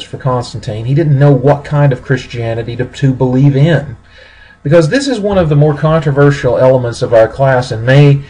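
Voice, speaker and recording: Male lecturer, slightly raspy voice, measured teaching delivery with restarts. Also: mid-range voice, rough recording. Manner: steady explanatory pace with pauses and self-corrections. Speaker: history lecturer. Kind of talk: recorded classroom lecture.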